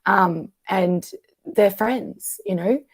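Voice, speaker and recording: A woman, a coach talking through emotional patterns in a conversational interview, animated and acting out the voices she quotes. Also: medium pitch, very slow, breathy edge, no echo. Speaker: guest coach.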